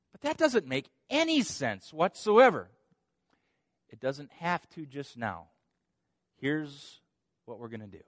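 Male pastor, sermon delivery, animated storyteller, fairly high voice, dry recording. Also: slow pace, long pauses, dry recording. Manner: animated storytelling, repeats words at phrase starts.

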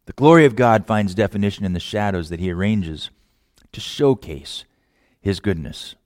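A man preaching a sermon, with long pauses, shifting between loud emphatic lines and hushed quiet ones. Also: lowish voice, no room sound, studio quality. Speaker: pastor.

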